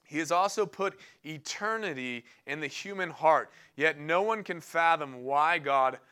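Young male preacher, casual and excitable, clear bright voice, laughs a lot mid-story. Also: on the high side. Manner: casual and enthusiastic, laughing often between phrases. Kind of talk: sermon with personal storytelling.

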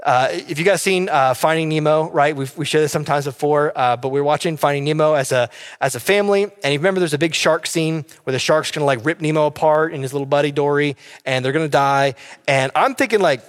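A man's voice: fairly high pitch, quick pace. A man preaching a sermon as a pastor, earnest and pleading, asking the congregation rhetorical questions. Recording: long hall reverb.

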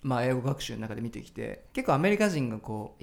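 A man's voice: medium pitch, lively intonation, racing, gravelly, a little mellow. A man hosting a casual chat, asking questions in a friendly way with many fillers. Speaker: host.

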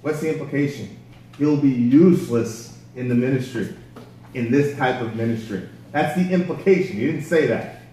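A man's voice: medium pitch, normal speed, warm tone, slight background noise. A man preaching a sermon, telling the story in a casual, slangy way. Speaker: pastor. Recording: echoey hall from far off.

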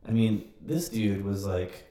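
Man, low mellow voice, rambling animated storyteller, distant mic, echoey room, faint background hum. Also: takes it slowly. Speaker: podcast participant. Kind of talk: casual chat.

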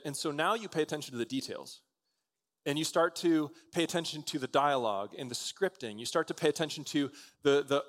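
A man preaching a sermon in a conversational way, with frequent restarts and quick "right?" asides. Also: fairly high pitch, a bit bright. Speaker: pastor.

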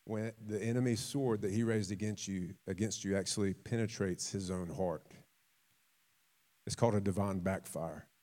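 A man preaching a sermon, telling stories with acted quotes, repeating himself and dropping suddenly to a quiet voice. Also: on the low side, normal speed. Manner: repeats and restarts words, conversational.

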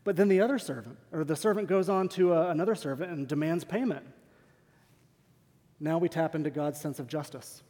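A man's voice: fairly high pitch, fairly quick, darkish tone. A man preaching a sermon in a church, earnest and emphatic, asking rhetorical questions of the congregation. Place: church sanctuary. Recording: long hall reverb.

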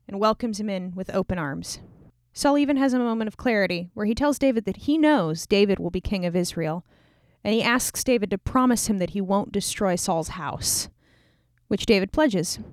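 A woman's voice: medium pitch, lively intonation, normal speed, no echo, studio quality. A woman retelling a scripture story in a casual, irreverent, slangy way.

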